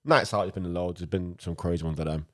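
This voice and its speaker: A man with a very low voice chatting on a podcast. He talks fast, tripping over words and repeating himself before landing the point. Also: a bit bright. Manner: halting, repeats words and restarts. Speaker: podcast co-host, goalkeeper. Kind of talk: casual chat.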